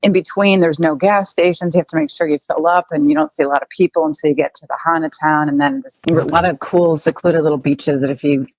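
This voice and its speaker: A woman's voice: sits low, steady tone, fast talker, few pauses, no room sound. A woman telling a personal story as an interview guest, chatty and casual. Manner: chatty, with many likes and restarts.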